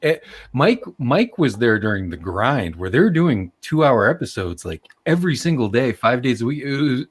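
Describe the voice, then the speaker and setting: A man's voice: mid-range voice, very animated, moderate pace, husky. A man co-hosting a podcast, talking in dry, sarcastic and profane casual banter. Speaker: podcast co-host.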